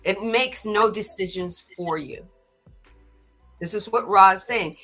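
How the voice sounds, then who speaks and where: A middle-aged woman hosts a spiritual podcast, speaking earnestly with a bright, forward tone. She often doubles back on her words. Faint music sits behind her. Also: medium pitch, measured pace. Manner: earnest, repeats words when stirred. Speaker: podcast host. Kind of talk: spiritual talk.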